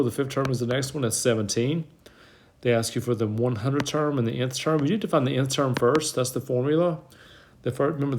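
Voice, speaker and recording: A man's voice: mid-range voice, background noise. A man teaching a math lesson over a whiteboard, explaining step by step, audibly out of breath. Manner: plain step-by-step explaining, talks himself through the work. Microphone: tablet mic.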